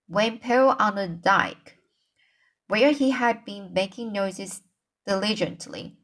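A woman narrating an audiobook as an amateur reader, stumbling at times with fillers and restarts. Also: medium pitch. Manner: slow reading with slips, fillers and restarts.

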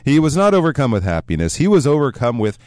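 A man's voice: medium pitch, fast talker, dry recording, studio quality. A man teaching an English lesson on a radio show, explaining a novel in an explanatory way and briefly acting out the characters' lines. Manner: explanatory, animated when acting out quotes.

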